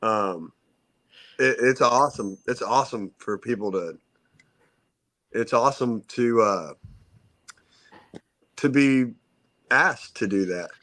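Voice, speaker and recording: Brief: man, casual co-host spinning an animated yarn, dry close sound. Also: medium pitch, slow pace, long pauses, dry recording. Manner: animated storyteller, acts out quoted voices. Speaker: podcast co-host telling a story. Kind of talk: casual storytelling chat.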